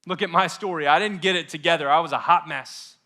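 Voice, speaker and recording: A young male youth pastor preaching a sermon with passion, swinging between loud and hushed and acting out what his listeners might be thinking. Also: fairly high pitch, fast. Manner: acts out listeners' inner voices.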